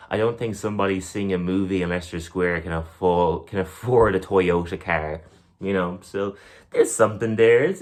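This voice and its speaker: A young man, a comedian, rambling casually through his bits and acting them out in silly voices. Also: low voice. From Ireland. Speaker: comedian and podcast host.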